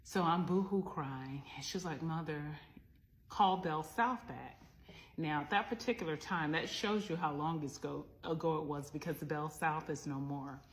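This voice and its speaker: A woman's voice: deep voice, moderate pace, few pauses. A middle-aged woman tells a personal story in a heartfelt, reflective way, adding asides as she goes. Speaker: vlogger.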